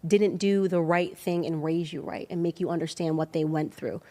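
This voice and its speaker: A woman in her thirties talking casually as a podcast guest, emphatic and animated, jumping up in pitch when she acts out other people. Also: normal speed. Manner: emphatic, animated storytelling with sudden pitch jumps. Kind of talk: casual chat.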